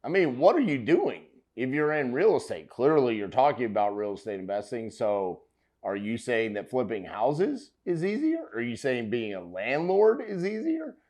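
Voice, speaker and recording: A man reacts to clips in casual commentary. He is loud and emphatic and swears freely. His voice sits at an ordinary male pitch. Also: big pitch swings, moderate pace.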